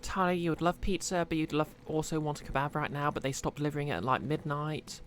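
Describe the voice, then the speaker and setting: A game streamer with a medium-pitched voice talks fast, chatting casually to viewers while playing and rambling with many fillers. A little hiss or hum is audible in the recording.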